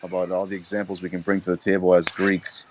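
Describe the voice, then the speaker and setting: A man's voice: deep voice, monotone, fast, noisy background. A man hosting a podcast, chatting casually and agreeing with his guest. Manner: agreeable, short affirmations. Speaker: podcast host. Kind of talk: casual chat.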